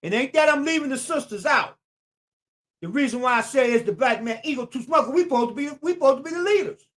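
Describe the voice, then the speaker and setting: This man talks fast in an extremely high, slightly bright voice on his own live stream. Preacher-style, he repeats himself over and over, speaking right to the audience and occasionally stopping to greet viewers by name.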